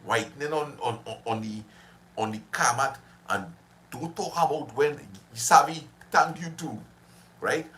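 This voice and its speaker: A man's voice: medium pitch, a little slow, bright, forceful tone. Chatty man hosting a stream. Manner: chatty and reminiscing, laughs often. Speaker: livestream host. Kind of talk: casual livestream chat with viewers.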